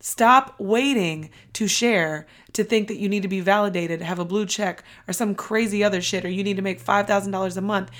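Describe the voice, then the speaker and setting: A young adult woman hosting a motivational podcast, hoarse and a bit out of breath from losing her voice, talking in an energetic, emphatic, casual way with the odd swear. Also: medium pitch, moderate pace, few pauses. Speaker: podcast host.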